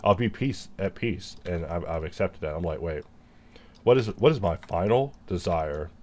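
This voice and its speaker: With a low, slightly mellow voice and lively intonation at a normal speed, a 3D modeler chats through his on-screen work. He rambles casually and teases himself while showing how he does things.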